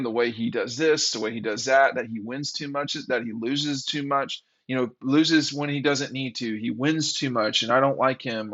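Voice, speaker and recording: A man's voice: mid-range voice, fairly bright tone. A man hosting a sports commentary show, talking in a rambling, opinionated, exasperated way. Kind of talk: casual opinion monologue. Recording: dull lo-fi audio.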